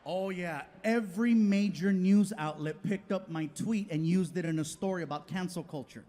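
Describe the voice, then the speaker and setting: A man doing stand-up comedy, telling stories in an animated way and laughing often. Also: high voice, normal speed. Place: comedy stage before a live audience.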